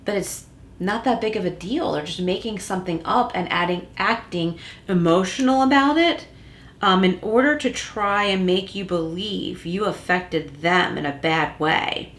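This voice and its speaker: A woman's voice: lowish voice, normal speed, fairly bright tone. Woman reading tarot in an echoey room. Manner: reassuring, addresses the listener directly. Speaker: tarot reader. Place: room at home with a closed door.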